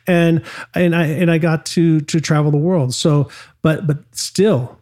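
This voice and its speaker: A man's voice: a little high, fairly even intonation, a little slow, darkish tone. A middle-aged man, a former motocross champion, telling stories casually in an interview, with frequent restarts and acted quotes. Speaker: podcast guest, former motocross and off-road truck champion.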